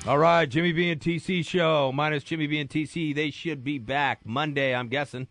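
A man's voice: on the high side, steady tone, moderate pace, a bit bright, soft background music. A man filling in as radio host, talking sports in a casual, rambling, joking way in a studio. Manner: rambling, joking, self-deprecating.

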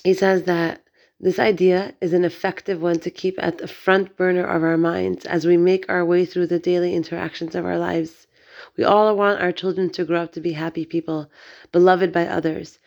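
Low gravelly woman teaching on a podcast. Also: a little mellow, lo-fi sound. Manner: repeats herself, checks in with "okay?" and "right?". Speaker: podcast host. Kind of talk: casual religious teaching talk.

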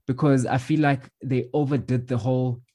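A man from South Africa chats about a movie in a loose, rambling way, with plenty of "um" and "like" along the way. His voice is mellow and dark in tone, at an ordinary middle pitch. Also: flat delivery, normal speed. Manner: conversational, rambling, frequent fillers. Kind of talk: casual chat, movie review.

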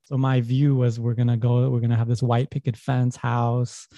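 A man's voice: medium pitch, flat delivery, normal speed, warm tone, dry recording. A young adult man, rambling through personal stories in casual conversation and laughing as he tells them. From New York. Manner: rambling, self-correcting, laughs while telling. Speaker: podcast guest.

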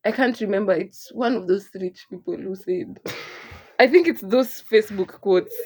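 A young woman with a Kenyan accent, co-hosting a casual podcast chat in an animated way. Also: medium pitch, moderate pace, breathy edge. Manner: animated, mixes English and Swahili, laughs often. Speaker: podcast co-host.

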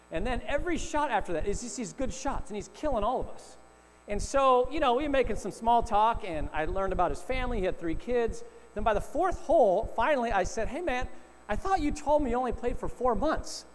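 A man with a notably high voice preaches to his congregation, telling a story in an easy, conversational way and often checking in with his listeners. His voice rings out with a long reverb, as if he stands in a large hall, and a faint electrical hum sits beneath it. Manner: storytelling, conversational with frequent "right?" asides. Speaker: pastor. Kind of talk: sermon.

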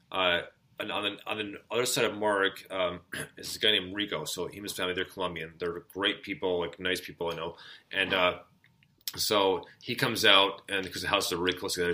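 A man co-hosting a music show, chatting and telling stories with animated energy and frequent laughter. His voice sits low but has a bright, forceful edge. He introduces songs in a relaxed, casual way. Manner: animated storyteller, laughs often. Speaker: radio show co-host. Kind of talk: casual chat and song introductions.

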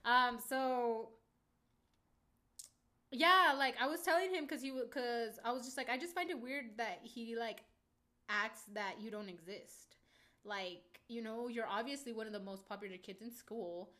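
Chatty, rambling young woman, slightly high voice. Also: a little slow, bright, forceful tone. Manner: rambling, heavy on filler words and swearing; talks straight to viewers as "guys". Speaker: vlogger. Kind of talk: casual storytime chat to viewers.

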